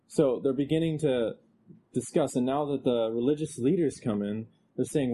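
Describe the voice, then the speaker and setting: A male preacher giving a conversational expository sermon, growing animated when he reads scripture aloud. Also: mid-range voice, brisk, slight background noise, poor audio.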